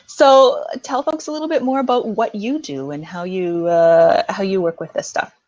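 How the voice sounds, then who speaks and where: A woman's voice: medium pitch, moderate pace, darkish tone, highs cut off. A woman hosting a casual interview show over a video call, friendly and loose, laughing easily. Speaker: podcast host.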